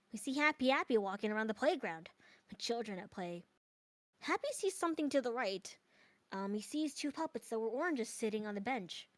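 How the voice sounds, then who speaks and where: A woman's voice: on the high side, fairly bright tone, dry recording. A woman streamer reading a creepypasta aloud with banter, giggly and self-deprecating.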